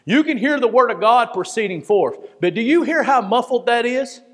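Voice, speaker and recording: A man preaching with a very high voice and fervent emotion. He moves from loud pleading to hushed tones. His words ring out with long reverb in a church hall. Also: lively intonation, moderate pace. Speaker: pastor. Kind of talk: sermon.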